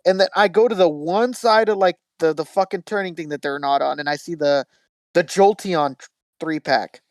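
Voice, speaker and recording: A man's voice: on the high side, normal speed, no room sound. Podcast guy cussing thru a story, does the voices, super dry sound. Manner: profane, animated storytelling with acted quotes. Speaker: podcast host. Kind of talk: casual chat.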